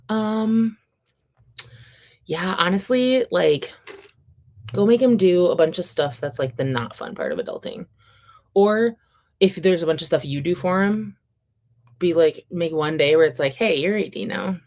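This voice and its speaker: This is a woman in her thirties hosting a relaxed reading livestream. She has a low voice and talks in a chatty, wry way, reading out viewer comments and riffing on them. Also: a little fast. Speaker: readathon livestream host.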